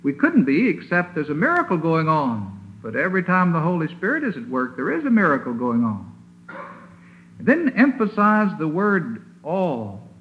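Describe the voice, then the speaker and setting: A man preaching in a slightly high voice, slowing down to stress single words with weight. The sound is thin and phone-like, with a faint hiss behind it, like an old archived sermon. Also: wildly swooping pitch. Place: chapel.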